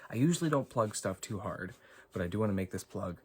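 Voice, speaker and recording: Man, American accent, casual ASMR talk, lively swings in tone, self-amused, phone mic, home studio. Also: on the low side, quick pace, a little hiss or hum. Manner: rambling, self-amused, laughs often. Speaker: ASMR creator. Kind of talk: casual ASMR chat with soft whispering. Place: home studio with haze and lights. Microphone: phone on a gimbal.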